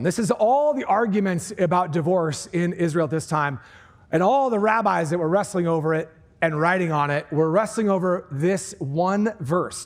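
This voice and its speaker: Man, high voice, pastor, conversational sermon, animated asides, church. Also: moderate pace. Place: church sanctuary.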